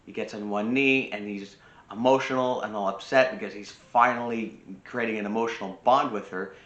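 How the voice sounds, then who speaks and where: A man's voice: on the low side, steady tone, moderate pace, a bit bright. A man hosting a personal growth channel, giving casual advice and repeating his key phrases for emphasis. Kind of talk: casual self-help advice talk. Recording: roomy, slightly dull sound.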